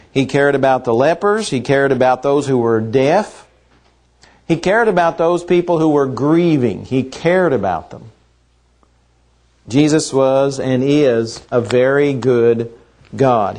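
Man preaching, with deliberate slow emphasis. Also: a little high, a little mellow. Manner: slow deliberate emphasis on key words, rhetorical questions. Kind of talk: sermon.

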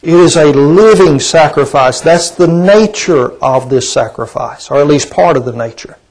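A man's voice: fairly high pitch, moderate pace, darkish tone, low-quality recording. A man preaching a sermon in a conversational, folksy way, often asking his listeners rhetorical questions. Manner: asks the congregation rhetorical questions.

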